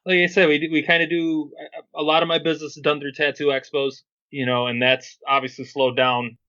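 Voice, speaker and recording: A man's voice: a little high, little pitch movement, a little fast, bright, forceful tone, highs cut off. A man being interviewed on a podcast, telling stories in a laid-back, slangy way and acting out quotes. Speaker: guest, clothing brand owner. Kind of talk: casual storytelling interview.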